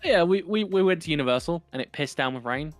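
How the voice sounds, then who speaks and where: A man's voice: on the high side, animated, fast talker, dry recording, soft background music. Profane East London man, dry sound. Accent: London East End. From England. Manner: rambling, profane, frequent ums and restarts. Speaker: podcast co-host. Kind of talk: casual chat.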